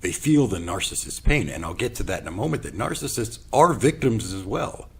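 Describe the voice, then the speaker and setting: A man hosting his own show, telling a personal story in an animated way and acting out the dialogue. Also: lowish voice, fairly quick, gravelly, slightly rough. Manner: animated, acts out quoted dialogue. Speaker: podcast host.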